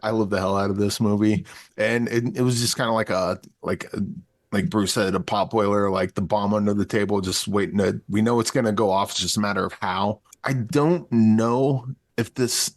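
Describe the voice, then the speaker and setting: A man co-hosting a casual movie review podcast, chatty and excited, laughing often. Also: on the low side, normal speed, dry recording, clean studio sound. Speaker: podcast co-host.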